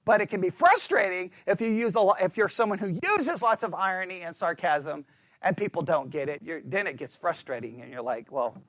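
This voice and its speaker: Male Bible study teacher with a high, animated voice and a dry close sound. He keeps checking in with his class and teases with self-mocking sarcasm. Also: brisk, no room sound. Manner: animated, checks in constantly with "right?".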